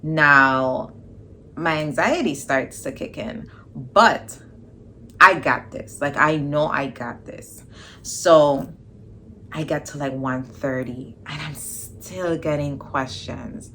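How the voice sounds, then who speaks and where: Brief: young woman vlogger, low unhurried voice, animated storyteller. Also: a little hiss or hum. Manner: animated storytelling, acts out quoted dialogue. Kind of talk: casual storytime.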